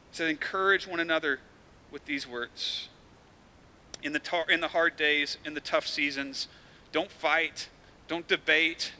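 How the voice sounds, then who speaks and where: A man's voice: a little high, pushed and bright. A male pastor giving a sermon in a church, speaking earnestly and conversationally, with rising emphasis.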